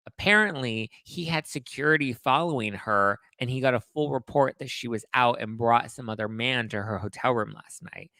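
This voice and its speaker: Bright-voiced gossipy man host. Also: mid-range voice, moderate pace, hardly any pauses, no room sound. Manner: gossipy, dramatic, animated. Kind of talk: casual book recap chat.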